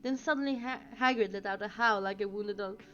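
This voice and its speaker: A woman reading a novel aloud in an expressive way, with small slips, on a dull lo-fi recording with faint music. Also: mid-range voice, a little fast. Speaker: reader.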